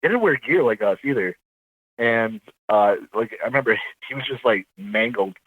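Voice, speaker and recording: A man, an army veteran, telling his story in a casual interview, rambling and halting as he corrects himself. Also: on the low side, animated, slightly rough, dry recording, phone-quality sound.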